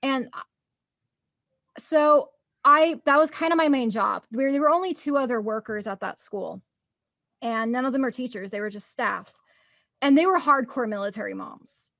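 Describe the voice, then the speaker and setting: A woman's voice: fairly high pitch, normal speed, gravelly, long pauses, a bit bright, no echo, clean studio sound. A young woman telling stories in a casual chat, bubbly and laughing often.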